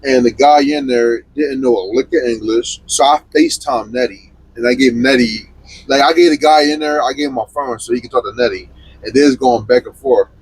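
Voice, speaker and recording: A young man co-hosting a trucking podcast, telling road stories loudly, laughing often and swearing a lot. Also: mid-range voice, fairly quick, slightly rough, low-quality recording. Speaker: podcast co-host, truck driver. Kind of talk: casual chat.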